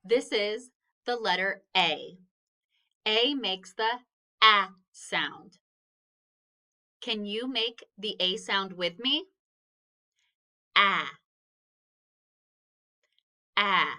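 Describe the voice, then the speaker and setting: A woman leads a phonics lesson at a very unhurried pace. Her voice is bright and clear, and she sounds out each letter patiently and encourages the listener. She keeps the tone gentle and instructive throughout. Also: mid-range voice. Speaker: teacher. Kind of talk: slow phonics lesson for children.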